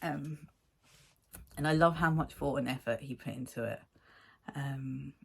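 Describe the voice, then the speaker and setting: Woman in her 40s, low voice, rambly chatty storytelling, laughs a lot. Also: unhurried, creaky, slightly rough. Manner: rambling, animated, laughs often, acts out quotes. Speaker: vlogger. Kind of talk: casual storytelling to camera.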